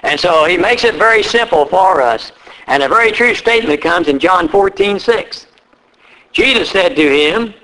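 A man preaching a sermon, reading scripture slowly and repeating key phrases with rising emphasis. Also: a little high, bright, forceful tone, rough recording. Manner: reads scripture aloud slowly.

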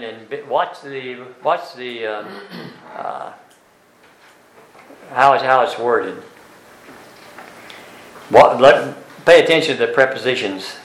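A man teaching a Bible class, speaking slowly and deliberately with many fillers and tag questions, and reading scripture aloud with emphasis. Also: medium pitch, a bit bright, roomy sound, a little hiss or hum, low-quality recording.

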